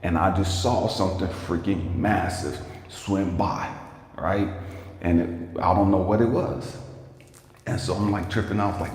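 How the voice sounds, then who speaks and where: Deep-voiced man telling a story in an echoey room. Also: normal speed, darkish tone. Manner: emphatic, casual, swears freely, talks straight to viewers. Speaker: life coach and motivational speaker. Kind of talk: livestreamed motivational storytelling. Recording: echoey room with long reverb and faint noise.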